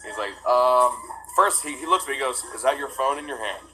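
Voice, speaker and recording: A young man talking casually to the camera in a rambling, animated way, acting out the other people in his story. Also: medium pitch, brisk, faint music behind, low-quality recording. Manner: rambling, animated retelling with quoted dialogue. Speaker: vlogger. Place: new house with no furniture yet.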